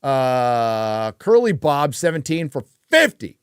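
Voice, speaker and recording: A man's voice: medium pitch, sing-song, slow, heavy background noise. A man hosting a casual livestream chat, ranting with plenty of swearing and reading out viewer donations. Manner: profane, ranting. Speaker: host; reads viewer donations aloud.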